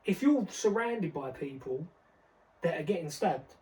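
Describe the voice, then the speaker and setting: Young man with a high voice. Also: lively intonation, unhurried, darkish tone, far from the mic, poor audio. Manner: street slang, emphatic, repeats words. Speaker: podcast co-host. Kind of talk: casual discussion.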